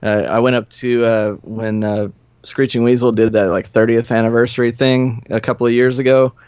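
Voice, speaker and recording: A man in his forties from Nashville tells rambling, profane stories and chuckles as he goes. His mid-pitched voice comes across dull and lo-fi. The room is dry. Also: level tone, moderate pace, a little mellow, clear, resonant tone, dry recording. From Nashville, USA. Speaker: podcast guest, former punk musician. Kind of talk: casual storytelling.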